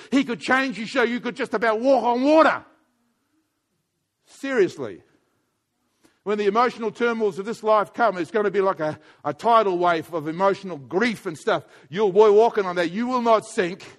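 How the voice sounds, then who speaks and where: A man preaching a sermon, swinging between quiet intimate passages and loud emphatic urging, often repeating his points. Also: extremely high pitch. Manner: wide swings from hushed to loud, emphatic repetition.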